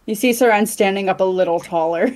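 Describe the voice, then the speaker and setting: A woman playing her character in a casual tabletop role-play, speaking in a measured way in character. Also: medium pitch, darkish tone, a little hiss or hum. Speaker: player.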